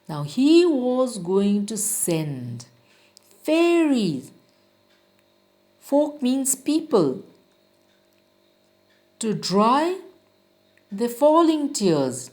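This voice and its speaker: A woman teacher reads a children's rhyme aloud and then talks it through, line by line. She speaks very slowly and with a lively, sing-song rise and fall, pausing to explain each word for little pupils. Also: a little high. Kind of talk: reciting and explaining a children's poem.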